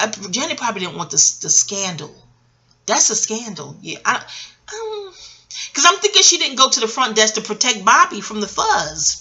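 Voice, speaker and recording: A woman's voice: on the high side, pushed and bright. A middle-aged American woman vlogging in a scattered, rambling way, jumping between tangents and swearing freely. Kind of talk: casual rambling commentary.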